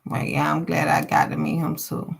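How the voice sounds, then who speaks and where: A woman's voice: low-pitched, monotone, normal speed, gravelly. A woman, giving a live-streamed tarot reading and chatting bluntly with her viewers, with plenty of swearing. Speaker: tarot reader.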